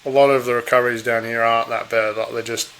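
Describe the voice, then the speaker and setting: A man co-hosting a podcast, chatting in a relaxed, hesitant way with many pauses. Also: mid-range voice, a little hiss or hum, poor audio. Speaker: podcast co-host. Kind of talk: casual chat.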